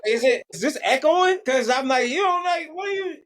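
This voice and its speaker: A man co-hosting a podcast, chatting casually and animatedly with quick asides. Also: very high voice, lively intonation, fairly bright tone, a little hiss or hum. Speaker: podcast co-host. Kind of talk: casual chat.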